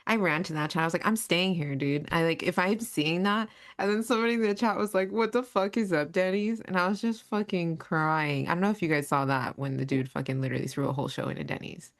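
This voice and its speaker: A woman co-hosting a casual podcast, telling stories in an animated way and laughing often. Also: sits low, quick pace, hardly any pauses. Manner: animated storyteller, says dude a lot, laughs often. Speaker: co-host.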